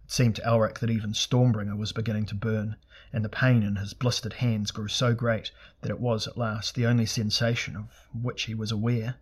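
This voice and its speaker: A man narrating a fantasy audiobook in a steady, measured, dramatic reading. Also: fairly low pitch, husky.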